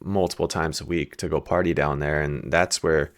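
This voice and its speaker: A man's voice: a bass voice, fairly even intonation, normal speed. A man hosting a reaction video, telling loose, profane anecdotes in a casual chat. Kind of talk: casual storytelling commentary.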